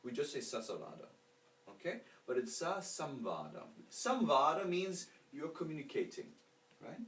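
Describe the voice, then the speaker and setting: Distant echoey male teacher, lively voice. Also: fairly high pitch, slight background noise. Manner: explains terms slowly, asks rhetorical questions. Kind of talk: spiritual lecture with call-and-response recitation.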